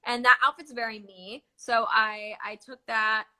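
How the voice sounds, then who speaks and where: A young woman, an actress, chatting casually in an interview, full of fillers and quick laughs. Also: a little high, fairly even intonation, sharp tone. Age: young adult. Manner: chatty, lots of "like" and "um", laughs often. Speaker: actress guest.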